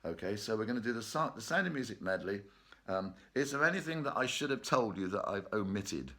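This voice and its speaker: A man's voice: lowish voice, big pitch swings, fairly quick, bright, forceful tone. A man leading an online choir rehearsal from his bedroom, chatty and joking, laughing often. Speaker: choir leader. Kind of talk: casual online rehearsal chat. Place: bedroom at home.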